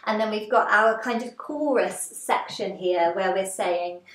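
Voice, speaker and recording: A woman leading a gentle seated movement class, giving encouraging step-by-step cues. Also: mid-range voice, measured pace. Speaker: dance and movement instructor. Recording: roomy, echoey room.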